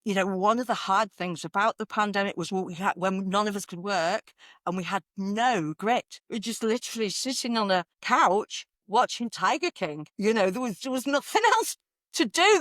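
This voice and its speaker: A woman, a confidence coach talking in an energetic, conversational way and repeating phrases for emphasis. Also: on the high side, no room sound, clean studio sound. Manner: animated, repeats phrases, sings affirmations in varied inflections. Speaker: confidence coach, podcast guest.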